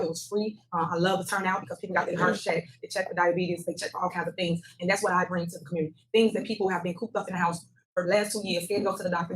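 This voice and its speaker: A woman mayor making informal, rallying announcements at a town hall meeting, her voice going hoarse. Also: on the low side. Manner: brisk, informal, rallying the room. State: losing her voice. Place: village hall meeting room. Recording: noisy public meeting recording.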